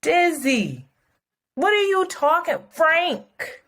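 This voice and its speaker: Woman co-host, casual chat, animated storyteller, frank and profane. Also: very high-pitched, very slow. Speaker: podcast co-host.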